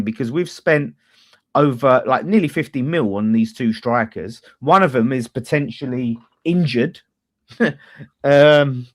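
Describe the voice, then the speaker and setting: A man, hosting a fan channel and arguing about football in a casual, sweary debate. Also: medium pitch. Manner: animated, swears freely, talks over others.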